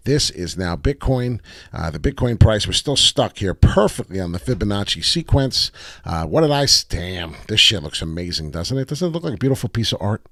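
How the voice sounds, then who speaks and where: A man hosting a casual crypto livestream, talking through charts with excitement and plenty of swearing, and greeting viewers from the chat. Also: on the low side, a little fast, no echo, studio quality. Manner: excitable, profane, reads chat aloud.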